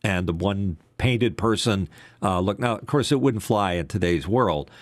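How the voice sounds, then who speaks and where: A man's voice: deep voice, measured pace, no echo. An older man, a former radio DJ, co-hosting a casual talk show and telling stories with lots of fillers. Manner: rambling storyteller, many fillers. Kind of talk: casual podcast chat.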